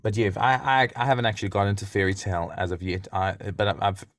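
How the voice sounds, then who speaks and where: Low-voiced man hosting a podcast. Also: quick pace, no room sound, studio quality. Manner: relaxed, hesitant with many fillers and restarts. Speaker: podcast host. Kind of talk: casual podcast chat.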